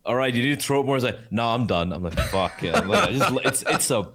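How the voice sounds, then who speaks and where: A man tells a rowdy story in a casual chat, and his pitch swings widely as he goes. He swears freely and jumps into loud, high voices to act out other people. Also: fast talker. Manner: animated, swears a lot, acts out voices with high shouts. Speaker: co-host of esports talk show.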